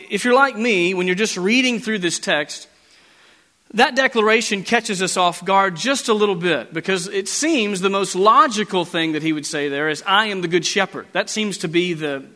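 Bright emphatic preaching man. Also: high voice. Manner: emphatic preaching, slowing down on key phrases. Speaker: pastor. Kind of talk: sermon. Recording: long hall reverb.

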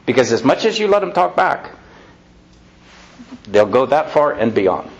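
Gravelly man giving folksy parenting advice. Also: medium pitch, big pitch swings, a little slow. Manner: folksy, acts out quoted lines with shifting loudness. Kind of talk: informal talk to an audience. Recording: dull lo-fi recording.

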